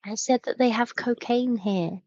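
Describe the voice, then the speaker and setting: A woman's voice: a little high, unhurried, a crowd in the background. A woman player in a tabletop game, talking playfully and teasingly. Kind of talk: casual tabletop play. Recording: dull lo-fi audio.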